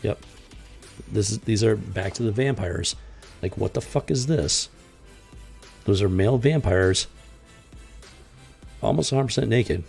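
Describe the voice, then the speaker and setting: Gravelly low-voiced man griping about comics. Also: normal speed, long pauses, darkish tone, faint music behind. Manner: exasperated, blunt, profane, stammering restarts. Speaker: host. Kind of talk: casual comic book commentary.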